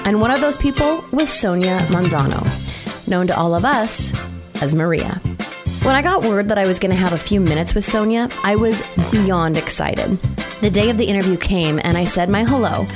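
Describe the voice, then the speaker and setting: A woman host narrates a scripted introduction in a heartfelt, nostalgic way. Loud music plays under her voice throughout. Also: mid-range voice, expressive, moderate pace.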